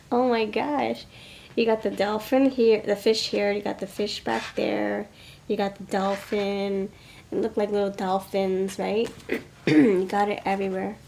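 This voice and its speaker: A woman's voice: mid-range voice, gravelly, a little mellow, slight background noise. A woman giving a casual tarot reading, who keeps breaking into laughs, coughs and sniffles as she talks. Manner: giggly, coughing and laughing between sentences. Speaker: tarot reader.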